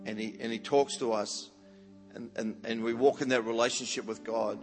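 A man with a mid-range voice and steady tone talks at normal speed, preaching evangelist-style through animated stories. He often restarts and repeats words, and faint music drifts through the reverberant hall.

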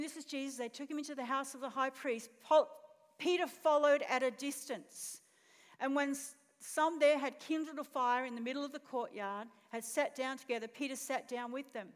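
A woman pastor's high voice moves at normal speed as she delivers a sermon, expressively narrating a story and posing questions to her congregation. Long church-hall reverb fills the recording, made in a church auditorium.

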